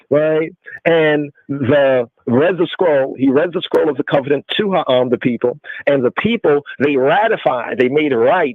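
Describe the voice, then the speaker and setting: A man's voice: medium pitch, dry recording. A man hosting a call-in radio Bible study, explaining scripture and often checking in with "right?" while mixing in Hebrew terms. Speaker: radio show host teaching Torah. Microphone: call-in phone line. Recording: phone-like narrow band, dry.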